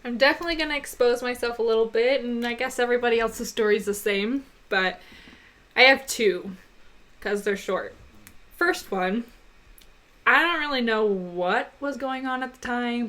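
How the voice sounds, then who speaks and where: Young woman, podcast co-host, lively storyteller, laughs a lot, slightly high voice. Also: moderate pace. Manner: animated, laughing, gets high and loud when retelling upset moments. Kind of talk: casual storytelling chat.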